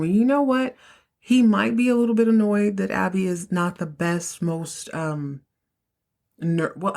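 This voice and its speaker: A woman hosting a podcast, recapping a TV episode in a casual, animated, opinionated way with lots of slang. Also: medium pitch. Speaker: podcast host.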